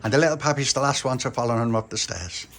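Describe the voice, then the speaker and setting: A man's voice: medium pitch, fast, fairly bright tone, a little hiss or hum. A man telling a story with toys in a chatty, chuckling way. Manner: chatty, chuckling between lines. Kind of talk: toy storytelling.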